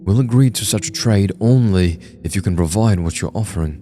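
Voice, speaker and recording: A man voicing a menacing creature gang leader in a low, threatening voice. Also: a little fast, over music, natural voice.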